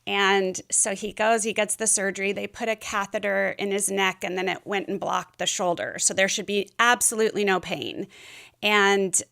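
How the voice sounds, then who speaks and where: Her mid-range voice is gravelly yet a bit bright, moving at normal speed, as this middle-aged woman talks on a podcast. She tells her story candidly in casual interview conversation, rambling somewhat and leaning on plenty of fillers.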